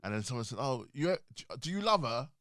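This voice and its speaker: A man's voice: medium pitch, sing-song, a little fast, a bit bright, no echo. A man hosting a casual chat in a studio, talking animatedly, laughing often and restarting his sentences. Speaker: podcast host.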